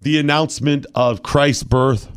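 A man's voice: mid-range voice, fairly even intonation, a little slow, clear, resonant tone. A man hosting a talk radio show, chatting casually in a mock-solemn, theatrical way that builds to bursts.

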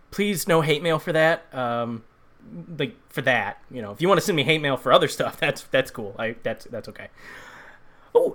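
A man's voice: on the high side, fairly bright tone. A man from the United States giving sarcastic, profane comedic commentary on a bad movie. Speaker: movie reviewer.

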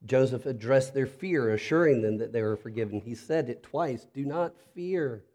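A man delivers a sermon as pastor with earnest reflection, his voice medium-pitched and at normal speed. He grows soft and intimate whenever he turns to address the listeners.

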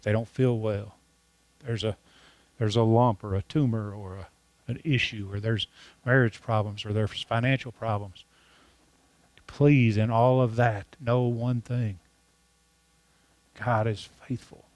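A man's voice: mid-range voice, no echo. Earnest man preaching a sermon, dry sound. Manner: earnest, repetitive preaching with slowed emphatic lines. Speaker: pastor.

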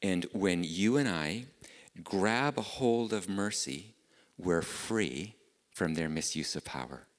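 A man's voice: low-pitched, animated, takes it slowly, big-room sound. A middle-aged man, preaching a sermon in an earnest, conversational way, full of rhetorical questions. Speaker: pastor. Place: church.

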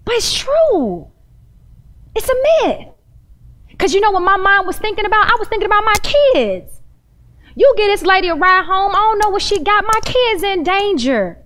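A woman's voice: very high-pitched, fairly quick. A young adult woman preaching a conversational, storytelling sermon, talking straight to the congregation. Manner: animated, conversational, addresses the congregation directly.

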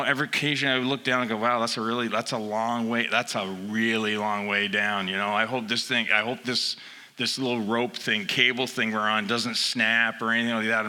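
Guy pastor preaching, really bright tone, animated storytelling, long echoey hall. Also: medium pitch. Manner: animated storytelling with acted-out asides, building to emphatic exhortation. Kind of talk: sermon.

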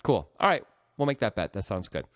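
A man hosting a casual sports podcast, chatting in a lively, rambling way. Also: on the low side, a little fast, no room sound, clean studio sound. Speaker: podcast host.

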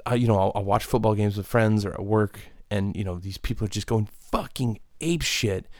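A man hosting a solo comedic podcast, rambling in a deadpan, profane way. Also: on the low side, normal speed, dry recording, studio quality. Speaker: podcast host.

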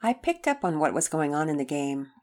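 A woman reading a calm, gentle father. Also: low voice, a little fast. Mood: kind. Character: gentle patient father teaching his son. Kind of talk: storybook reading.

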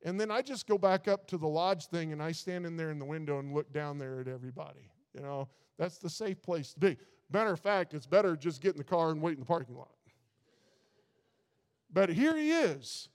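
Brief: male preacher, high voice, smooth and clear, folksy, stammers and repeats, reverberant hall. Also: lively intonation. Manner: halting, repeats words, folksy and earnest. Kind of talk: sermon.

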